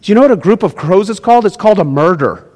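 Man, pastor, lively sermon, higher voice, long church reverb. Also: rapid-fire. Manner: animated, jokey, swings from loud to hushed. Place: church sanctuary.

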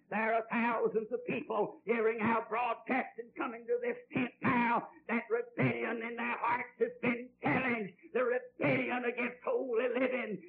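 A man preaching a fiery old-time revival sermon, swinging from shouts to low pleas. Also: creaky, a little hiss or hum. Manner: fiery, shouting and dropping low in turns, folksy Southern phrasing. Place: revival tent. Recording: dull lo-fi old broadcast recording.

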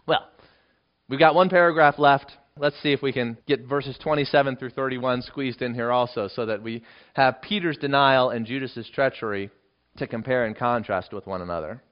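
Captured on a dull lo-fi recording, this pastor's medium-pitched voice moves at normal speed through an expository sermon on the Bible. His delivery is emphatic, rising into dramatic swells for quoted lines.

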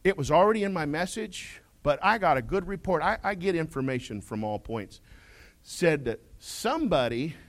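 Preaching with folksy humor, this male pastor alternates between loud proclamations and soft asides, questioning his congregation as he goes. His voice sits on the high side, animated and delivered at a normal speed.

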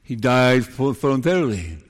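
A man preaching a sermon, moving from hushed, solemn passages to emphatic rises. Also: mid-range voice, sing-song, normal speed. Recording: long hall reverb.

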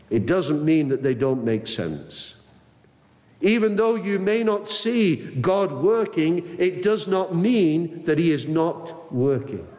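A man's voice: high-pitched, darkish tone. A man preaching an earnest, emphatic sermon and acting out the Bible quotes he tells. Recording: long reverb of a large hall.

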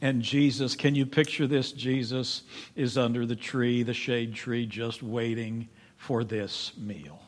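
A man preaching a sermon in a church, emphatic, swinging from loud pleading to hushed, quiet tones. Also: mid-range voice, fairly even intonation, slow pace. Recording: long reverb of a large hall.

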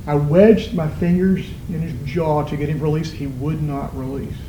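A male pastor delivering a sermon in a high voice, leaning on words with sudden emphatic rises and drops in pitch. The sound carries a roomy echo, as from a church hall. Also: moderate pace, muffled recording, slight background noise. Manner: preaching with emphatic shifts in pitch.

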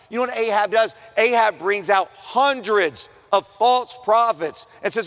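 A man preaches to students in a chapel or auditorium at a Christian school, speaking conversationally and humorously while acting out the voices of characters in his story. His voice sits high and a bit bright, at a moderate pace with hardly any pauses, and a long hall reverb surrounds it.

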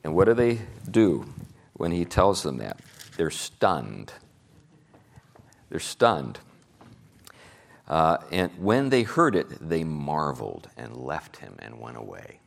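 A man teaching a Sunday school class, animated, asking his listeners rhetorical questions and chuckling at his own jokes. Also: a bass voice, a little slow, vocal fry.

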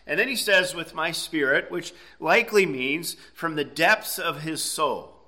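A man's voice: a little high, a little slow, hardly any pauses, sharp tone. A middle-aged man preaching a sermon, explaining a passage in a conversational way and checking in with "okay?" and "right?". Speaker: pastor.

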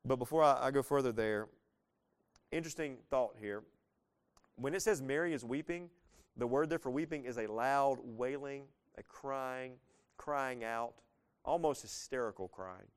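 A man in his thirties preaches through a passage in an easy, conversational way. His voice is smooth and resonant, sitting at an ordinary middle pitch. He talks casually but earnestly, rising into sudden bursts of emphasis. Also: normal speed. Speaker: pastor. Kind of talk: conversational verse-by-verse sermon.

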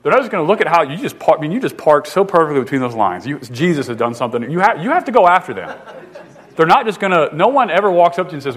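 Fast-talking man preaching a casual sermon. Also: a little high, big pitch swings, slightly rough. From northern United States. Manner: fast-talking, conversational, jokey, with frequent restarts. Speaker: pastor.

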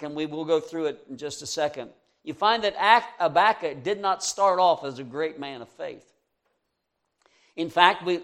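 High-voiced man preaching with swings of force. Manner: earnest, asks the listeners direct questions; swings between loud emphasis and quiet asides. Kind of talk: sermon.

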